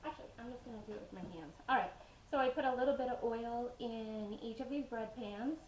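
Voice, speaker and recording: A woman's voice: a little high, a little fast, darkish tone, echoey room, a little hiss or hum, low-quality recording. A woman telling stories in a casual, rambling way while she bakes bread in her home kitchen. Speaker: home cooking vlogger. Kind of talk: casual storytelling while baking.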